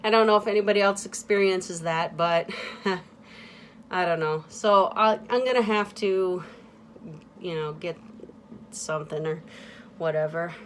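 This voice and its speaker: In a lowish voice, a vlogger talks through a candid confessional monologue, stumbling over fillers, restarting often and letting her words fade away. There is slight background noise.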